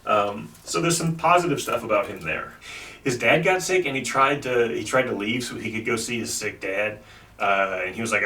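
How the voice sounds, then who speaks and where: A man with a sharp-toned, low-side voice talks at a normal speed on his comedy podcast, casually spinning a history story. He's loose and rambling, with plenty of likes and ums, captured by a distant mic in an echoey room with faint noise.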